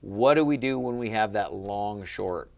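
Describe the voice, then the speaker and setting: Man, lowish voice, patient tutor, quizzing, upbeat. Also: animated, a little slow, vocal fry. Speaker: Ancient Greek teacher. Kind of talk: one-on-one lesson.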